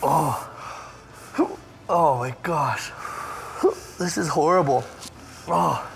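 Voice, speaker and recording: A pastor man talks very slowly in a gravelly, fry-laden voice, nervous and groaning loudly. Faint noise runs under the recording. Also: a little high. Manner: nervous, exclaiming and groaning in pain. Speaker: youth pastor. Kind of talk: casual on-camera chat and food challenge.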